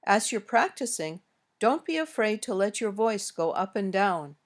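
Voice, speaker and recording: Woman teaching intonation, slow and clear. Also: medium pitch, sing-song. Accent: American. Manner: slow, careful, clearly modeled example sentences. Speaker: English teacher. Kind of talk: scripted instructional narration.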